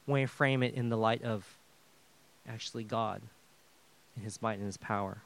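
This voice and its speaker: A man preaching a casual, conversational sermon as a pastor, with joking asides, swinging between loud emphasis and hushed drops. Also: fairly low pitch, fairly even intonation, normal speed, vocal fry.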